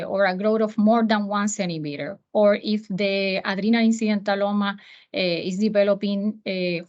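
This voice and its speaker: A woman physician with a Spanish accent presents a medical lecture in a measured way, with occasional fillers. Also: medium pitch. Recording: muffled lo-fi audio.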